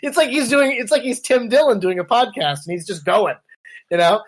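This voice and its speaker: Very high-voiced and animated, this man talks briskly as a podcast co-host discussing politics casually over webcam. His style is sarcastic riffing, complete with mimicked voices when quoting people.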